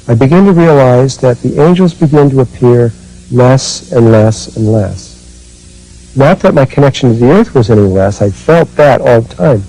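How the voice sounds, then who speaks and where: A man giving a spiritual talk and recalling his own experiences, speaking slowly and haltingly with many fillers and restarts. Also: medium pitch, mellow, low-quality recording. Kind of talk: spiritual talk, personal recollection.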